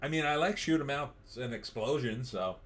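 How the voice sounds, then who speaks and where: A man's voice: medium pitch, normal speed, fairly bright tone. A middle-aged man hosting a casual live stream, reading viewer comments aloud and riffing on them in a wry, offhand way.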